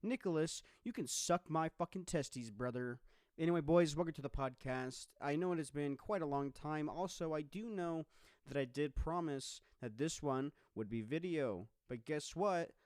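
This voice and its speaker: A man's voice: on the high side, normal speed, darkish tone, no room sound, clean studio sound. A man hosting a solo podcast, chatting casually in a rambling, joking way with lots of swearing. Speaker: podcast host.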